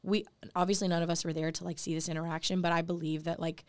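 A woman's voice: lowish voice, level tone, fast talker, a little mellow, smooth, no room sound. A young woman co-hosting a casual podcast, talking earnestly with lots of "like" fillers. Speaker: podcast co-host. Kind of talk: casual faith podcast chat.

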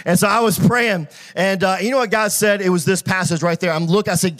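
Pastor preaching a humorous sermon: a man with a high voice who talks fast, restarts often and calls out to the crowd. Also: fairly bright tone. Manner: humorous storytelling with audience call-outs; fast, filler-heavy delivery with frequent restarts.

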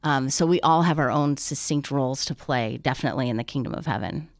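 A woman's voice: rumbling low, fast, dry recording. Earnest woman co-host, dry sound. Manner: earnest, inviting, describes church events. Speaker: podcast co-host. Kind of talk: faith podcast conversation.

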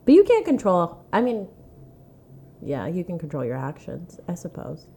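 A woman's voice: lowish voice, wildly swooping pitch, moderate pace, warm tone, a little hiss or hum. A woman hosting a casual podcast chat, talking in a chatty way full of "like" as she recounts stories. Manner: chatty, lots of "like", acts out quoted exchanges. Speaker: podcast host, comedy club manager.

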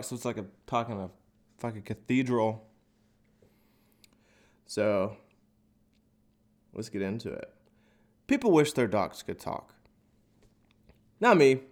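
A man with a stuffy, nasal cold hosting a podcast and doing a crude, sarcastic stand-up bit from an echoey open office. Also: mid-range voice. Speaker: podcast host and stand-up comic.

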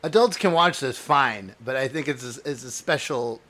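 A man's voice: medium pitch, normal speed, pushed and bright. A middle-aged man co-hosting a casual movie review chat, rambling and nostalgic, often laughing. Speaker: podcast co-host.

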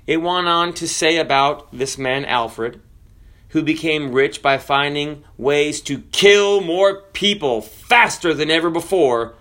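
A man delivering a sermon in a fairly high voice, mixing scripture quotes with stories from his own life. He drops to near-whispers on key words, then rises sharply for emphasis. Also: takes it slowly. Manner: dramatic swings from hushed to loud. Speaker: preacher.

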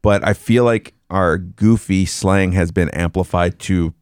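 A man from the American South co-hosting a podcast, chatting casually and halting with frequent restarts. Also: low voice, clear, resonant tone, no room sound, clean studio sound. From Southern United States. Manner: relaxed, halting, with many restarts. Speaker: podcast co-host. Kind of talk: casual chat.

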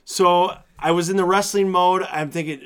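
A man's voice: sits high, moderate pace, clean tone. A man chatting casually and playfully about movie casting, with jokes and bursts of enthusiasm. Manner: animated, playful, jokey. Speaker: podcast co-host.

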